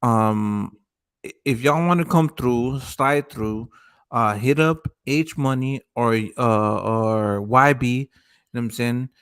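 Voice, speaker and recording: A man's voice: medium pitch, takes it slowly, a bit bright, clean tone. A man hosting a casual boxing chat on a group call, rambling loosely with lots of profanity while faded. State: high, faded.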